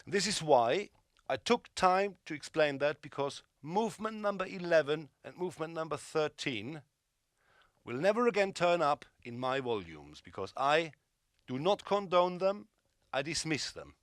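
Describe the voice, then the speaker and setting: A man's voice: on the high side, very animated, moderate pace, no room sound, studio quality. A man teaching drum technique, counting beats and calling out hand patterns, with firm, opinionated asides. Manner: emphatic, counts and calls hand patterns aloud. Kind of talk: instructional drum lesson.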